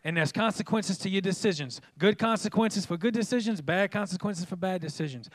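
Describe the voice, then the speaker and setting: A man's voice: sits high, brisk, dry recording. A man preaching a sermon as pastor, emphatic and folksy, repeatedly calling out to the congregation.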